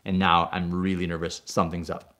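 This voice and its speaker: A man from Puerto Rico telling a personal car story in an animated way. He gets worked up as he goes and often checks in with "right?". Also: low voice, fairly quick. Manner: excitable, tags lines with "right?", gets worked up as he tells it. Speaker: stunt driver telling car stories.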